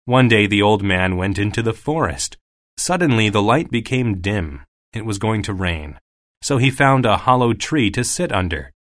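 Lively low-voiced male storyteller. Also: moderate pace, no echo, clean studio sound. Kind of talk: scripted narration of a folk tale.

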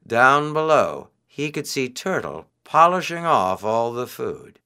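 Man, storyteller, children's tale reading, slow pace, lively pitch. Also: clean tone. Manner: expressive, unhurried.

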